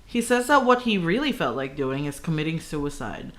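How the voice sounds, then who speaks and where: Young woman, casual podcast co-host, lowish voice, chatty and giggly retelling. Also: very animated. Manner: chatty, giggly, retells plot with quick asides. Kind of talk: casual book discussion.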